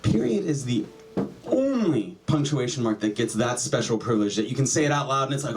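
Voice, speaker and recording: A man performing a stand-up comedy set, sardonic and profane, often jumping into high yelps and mock voices. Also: very animated, a little fast, crowd noise. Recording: distant mic with noticeable room ambience.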